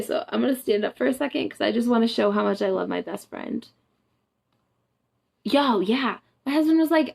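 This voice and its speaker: A woman's voice: medium pitch, creaky. A young woman from the United States, a boudoir photographer chatting casually and profanely on a live stream, laughing often and acting out quotes. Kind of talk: casual livestream chat.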